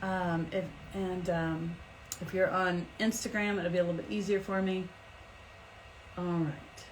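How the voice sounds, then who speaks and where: A middle-aged woman hosting a live stream as an energy healer, talking in a chatty, animated way with big swoops in pitch. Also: unhurried, slight background noise, rough recording. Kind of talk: casual live-stream talk.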